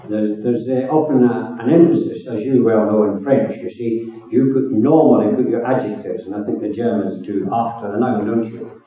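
A man's voice: lowish voice, steady tone, normal speed. A man in a devotional Bible discussion, explaining points of grammar in a lecturing way. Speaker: participant in a Bible reading meeting. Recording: distant, echoey, phone-like sound.

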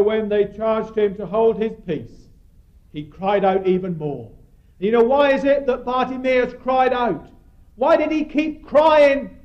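Man preaching, high-pitched voice, earnest pleading sermon, dull lo-fi recording. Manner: earnest, pleading, rises and drops in emphasis. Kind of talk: evangelistic sermon.

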